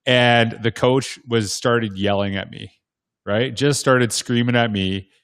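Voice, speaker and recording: A man's voice: mid-range voice, steady tone, slow, fairly bright tone, clean tone, dry recording, studio quality. A man telling stories as a guest panelist in casual talk, rambling with many restarts and fillers. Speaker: guest panelist, educator and former basketball referee. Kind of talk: casual storytelling on a video panel.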